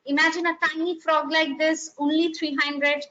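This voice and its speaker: High, bright woman presenting. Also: little pitch movement, normal speed. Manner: hesitant, many fillers and restarts. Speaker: expedition leader giving a wildlife talk. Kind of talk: unscripted slide presentation. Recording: muffled, lo-fi online talk audio.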